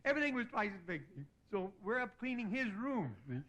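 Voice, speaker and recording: A man's voice: very high-pitched, big pitch swings, fairly quick, a bit bright, lo-fi sound. A man hosting a comedy show, telling folksy joking army stories in a stand-up monologue and chuckling at his own lines. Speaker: comedian host. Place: TV studio stage before a live audience.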